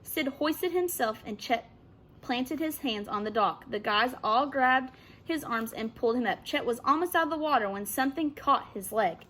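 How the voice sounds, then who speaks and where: A woman teacher reading a children's novel aloud with expressive narration. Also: sits high, normal speed.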